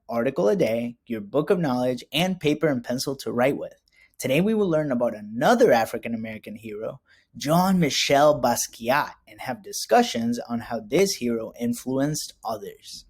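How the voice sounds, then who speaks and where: A man teaching a recorded lesson to young students, speaking slowly and clearly with repeat-after-me prompts. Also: mid-range voice, sing-song, a little mellow.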